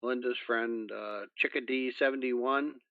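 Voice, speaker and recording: A man's voice: mid-range voice, fairly even intonation, measured pace, creaky, no room sound, narrow, tinny audio. A man chatting casually with fellow tabletop players, teasing and talkative. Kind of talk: casual chat among gamers.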